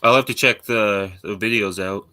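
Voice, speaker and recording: A man bantering and reacting quickly in a casual livestream chat. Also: on the low side, sharp tone.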